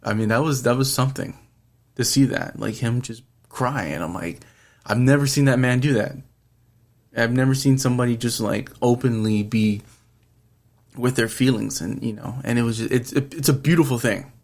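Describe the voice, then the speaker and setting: A man's voice: medium pitch, moderate pace. A man hosting a podcast, talking earnestly and rambling in casual chat, swearing freely. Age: adult, past his twenties. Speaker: podcast host.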